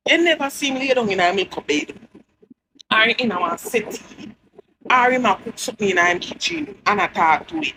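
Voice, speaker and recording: A woman's voice: medium pitch, expressive, moderate pace. A woman with a Jamaican accent, giving chatty, mocking entertainment news commentary and laughing often. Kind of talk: casual commentary. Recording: noticeable background noise.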